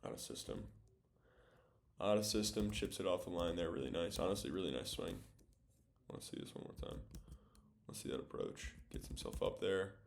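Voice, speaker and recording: A young man talks through game footage in an easygoing, rambling way, his voice deep and gravelly with frequent fry. Mouse clicks and typing tap away behind him at the desk. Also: moderate pace. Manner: relaxed, thinking aloud with many fillers. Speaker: volleyball film analyst. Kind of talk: casual video breakdown commentary.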